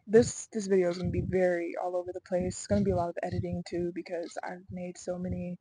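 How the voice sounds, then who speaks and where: A woman's voice: on the low side, level tone, brisk, hardly any pauses, noisy background. A young adult woman talking through her doubts in a rambling, earnest personal vlog, her delivery swinging to emphatic bursts. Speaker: vlogger.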